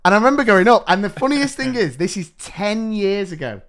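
Man, podcast co-host, teacher, animated storyteller, very lively intonation. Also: sits high, a little fast. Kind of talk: casual chat, anecdote telling.

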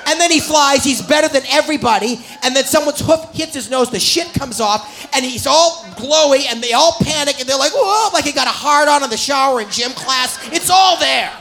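A man, a comedy guest on a live stage, ranting in a fast, profane, theatrical way. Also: very high voice, gravelly, bright, forceful tone, faint music behind. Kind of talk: comic rant at a live show.

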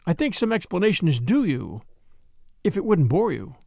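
A man reading a novel aloud and voicing a brisk, impatient young gentleman who talks emphatically. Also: sits high, very animated, creaky, no room sound, clean studio sound, heavily acted. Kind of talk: audiobook character voice.

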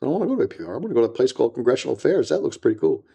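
Speaking rapid-fire and very animated, this retired DEA agent rambles through stories as an interview guest, bluntly repeating himself and performing the voices of people he quotes. His voice is medium-pitched, mellow, and breathy, with vocal fry.

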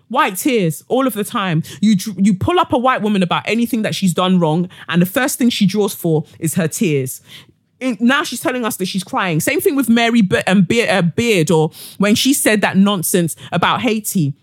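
A woman's voice: medium pitch, expressive, moderate pace, no echo, studio quality. A woman hosting a solo podcast, ranting heatedly with profanity and sarcasm. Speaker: podcast host.

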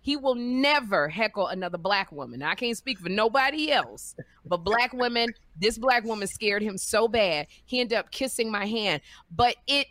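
Animated woman telling stories. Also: dry recording. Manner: animated, acts out quotes with big pitch jumps. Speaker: podcast co-host and comedian. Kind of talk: casual storytelling chat.

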